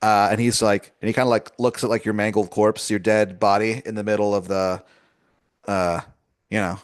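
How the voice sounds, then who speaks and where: A man narrates an improvised tale, rambling through fillers and restarts as he chuckles at his own ideas. His voice sits a little low. The sound is dry and close, with no room around it. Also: flat delivery, moderate pace, smooth, no echo. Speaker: host narrating an improvised story. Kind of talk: improvised second-person storytelling.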